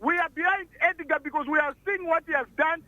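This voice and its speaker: A man's voice: very high-pitched, fast talker, pushed and bright, dry recording. A man with a Zambian accent, a governor calling in to a radio debate, insisting on finishing his point over the host. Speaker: provincial governor, caller. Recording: muffled phone line.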